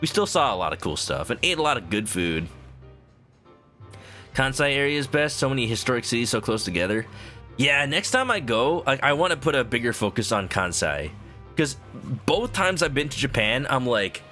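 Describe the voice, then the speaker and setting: A man's voice: medium pitch, very animated, moderate pace, pushed and bright, soft background music. A man chatting casually with viewers while playing a game on stream, rambling with lots of "like" fillers.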